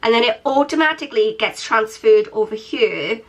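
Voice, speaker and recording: A woman's voice: on the high side, animated, normal speed, muffled recording. A British woman in her thirties, sick and nasal, chatting in a playful, self-mocking way on her budgeting vlog. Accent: British English. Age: 30s. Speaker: YouTuber.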